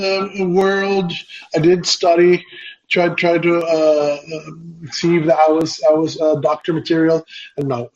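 A man's voice: fairly high pitch, darkish tone. A man being interviewed over a video call as an entrepreneur guest, talking casually with many fillers and restarts. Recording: dull lo-fi audio.

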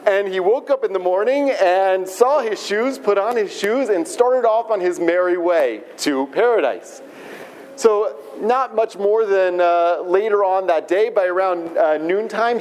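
A man, a rabbi, giving a sermon in the form of an animated, conversational story. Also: high-pitched, slight background noise.

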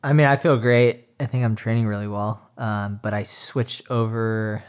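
A man's voice: fairly low pitch, steady tone, normal speed, smooth. A young man, a triathlete guest, talking earnestly in a casual interview, with lots of filler words. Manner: earnest, talks with many "like" fillers.

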